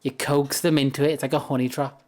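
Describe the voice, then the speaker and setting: A man's voice: mid-range voice, level tone, quick pace, a little mellow. A British man chatting casually on a livestream while gaming, rambling and laughing at himself often. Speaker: streamer. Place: home streaming setup.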